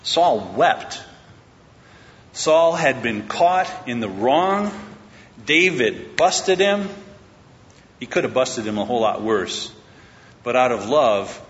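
A man's voice: expressive, slow, pauses often, fairly bright tone. Man preaching in an echoey church hall. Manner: conversational Bible storytelling, acting out quotes. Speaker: pastor. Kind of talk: sermon. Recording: echoey lo-fi hall recording with faint rumble.

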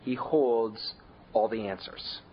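A man preaching a sermon in a conversational way, leaning hard on key words with big shifts in pitch and volume. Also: takes it slowly, vocal fry, husky, highs cut off. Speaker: pastor.

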